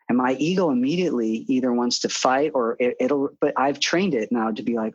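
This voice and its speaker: Man, middle-aged, husky, earnest and calm, dull dry sound. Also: mid-range voice, fairly quick, hardly any pauses, no echo. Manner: calm, earnest, acts out soothing self-talk. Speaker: podcast guest, psychologist. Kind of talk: interview conversation.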